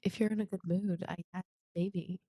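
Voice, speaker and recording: A woman's voice: lowish voice, steady tone, normal speed, mellow, no room sound. A woman co-hosting a podcast in casual chat, dryly teasing her co-host and reading facts aloud.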